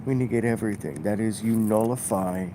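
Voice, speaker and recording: Give me a man musing in a halting spiritual monologue, recorded outdoors by a road. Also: lowish voice. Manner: halting, musing, full of fillers. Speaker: vlogger. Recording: outdoor traffic noise.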